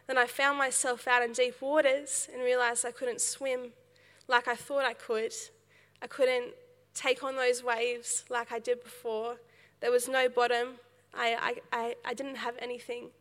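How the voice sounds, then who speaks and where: Young woman giving a sermon, bright lively voice, big hall echo. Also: a little high, unhurried. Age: young adult. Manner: storytelling with laughs and acted quotes, animated. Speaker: speaker at a church service.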